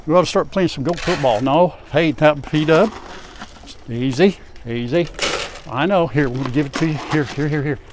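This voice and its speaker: A man's voice: on the high side, moderate pace, noisy background. Folksy older man on a farm. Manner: folksy, chatty, wry. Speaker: farm vlog host. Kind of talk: casual vlog to camera. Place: outdoors on a farm. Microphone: lapel.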